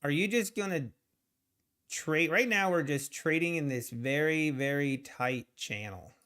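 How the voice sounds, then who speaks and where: A man's voice: fairly high pitch, a little slow, pushed and bright. A man hosting a live trading stream, rambling casually to the market and his chat viewers. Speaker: trading livestream host.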